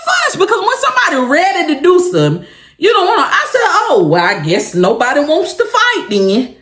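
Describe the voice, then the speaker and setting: A woman's voice: sits high, moderate pace, echoey room. A young woman, telling a dramatic school story in a casual vlog, laughing often. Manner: animated, laughing, dramatic retelling. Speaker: storytime vlogger.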